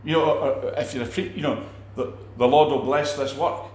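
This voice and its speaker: A man teaching about faith in a relaxed talk, animated, acting out quoted people and restarting his sentences often. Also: mid-range voice, a little fast, roomy sound. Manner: animated, acts out quoted preachers, many restarts. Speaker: preacher.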